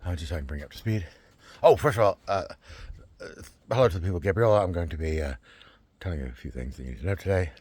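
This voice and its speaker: Casting note: man, low husky voice, excitable rambler, talks in loose restarts for a video diary. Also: rapid-fire, no echo. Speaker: vlogger running a campaign. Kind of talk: casual rambling monologue.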